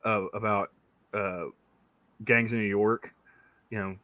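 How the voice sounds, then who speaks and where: A man's voice: fairly low pitch, little pitch movement, takes it slowly, pushed and bright, no room sound. A man co-hosting a casual online chat show, talking in a rambling way full of "you know" fillers and restarts. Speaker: podcast co-host.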